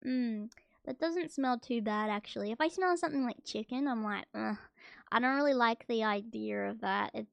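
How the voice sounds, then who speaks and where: A woman streamer reacts to a video, chatting casually and playfully, her gravelly voice jumping much higher when she gets excited. The tone is clean, with no echo.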